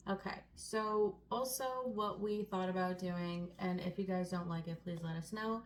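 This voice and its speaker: A woman's voice: fairly low pitch, fairly even intonation, moderate pace. A young woman in her twenties co-hosting a casual sit-down chat, talking freely with many fillers and laughs. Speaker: co-host.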